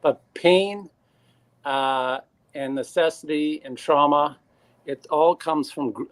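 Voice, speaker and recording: A man on a panel speaking earnestly in a casual discussion, halting and restarting his sentences. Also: a little high. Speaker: panel guest.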